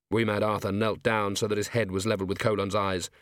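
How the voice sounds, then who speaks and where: A man narrating an audiobook in a measured, even storytelling manner. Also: on the low side, no echo. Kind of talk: scripted narration. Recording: dry close studio read.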